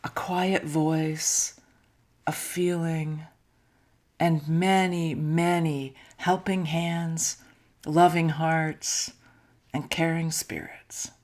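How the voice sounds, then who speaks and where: A woman minister reads a children's story aloud in a church service. Her voice is gentle and a little low, and she takes her time, sometimes sinking to a near whisper. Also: little pitch movement, very slow. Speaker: intern minister.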